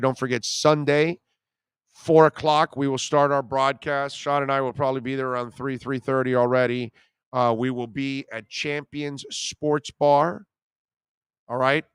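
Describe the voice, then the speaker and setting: A man's voice: medium pitch, fairly bright tone, clear, resonant tone, no echo, studio quality. A middle-aged man hosting a live sports radio show, chatting casually and reacting to comments with self-deprecating, emotional asides.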